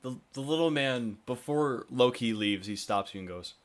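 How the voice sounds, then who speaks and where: A man's voice: mid-range voice, moderate pace. A man narrating a tabletop game as game master, chuckling now and then. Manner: chuckling, relaxed narration with voiced characters.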